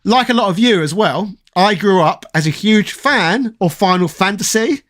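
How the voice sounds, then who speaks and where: Chatty London man, high voice. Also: animated, fairly bright tone. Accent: London English. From London, England. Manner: rambling, chatty, reads chat aloud and riffs with quick jokes. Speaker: streamer chatting with live chat. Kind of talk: casual live-stream chat.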